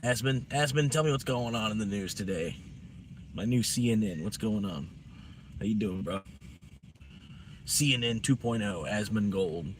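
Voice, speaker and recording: A man's voice: fairly low pitch, moderate pace, pauses often, a little hiss or hum. A man chatting casually on a live stream, rambling in a laid-back way.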